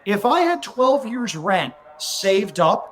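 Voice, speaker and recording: A man's voice: high-pitched, sing-song, slow pace. A man on a podcast as a guest, explaining betting and taxes in a matter-of-fact casual way. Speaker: podcast guest, racing handicapper. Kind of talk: casual chat.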